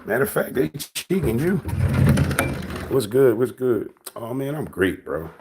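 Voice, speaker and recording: A man's voice: medium pitch, very animated, a little slow, a little mellow, slight background noise. A man on a casual livestream, reading and answering his chat in a teasing, mocking way, laughing often.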